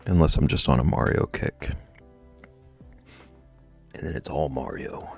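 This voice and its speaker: A man's voice: a bass voice, measured pace, gravelly, soft background music. A man chatting casually on a livestream, rambling and answering chat, with lots of filler "like".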